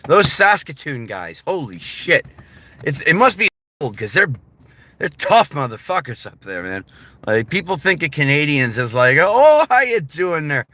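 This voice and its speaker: Bright-voiced rambling streamer. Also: male voice, medium pitch, sing-song, normal speed, no echo. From United States. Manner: rambling, profane and laughing often. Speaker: livestreamer. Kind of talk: casual live-stream chat with viewers.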